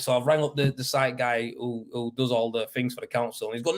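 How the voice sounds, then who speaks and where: A man's voice: mid-range voice, fairly even intonation, brisk, hardly any pauses. A man, a plasterer, chatting casually on a live stream and telling work stories, laughing often and swearing freely.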